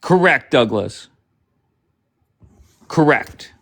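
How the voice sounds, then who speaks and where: A man's voice: mid-range voice, animated, extremely slow, vocal fry, fairly bright tone. A man hosting a livestream, ranting sarcastically over clips with plenty of swearing. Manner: sarcastic, profane, heated. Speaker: livestream host.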